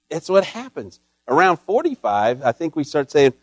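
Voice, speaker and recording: Man, middle-aged, pastor, folksy sermon, slightly high voice, dry close sound. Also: wildly swooping pitch, measured pace, husky, no room sound. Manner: folksy storytelling with humor. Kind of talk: Mother's Day sermon.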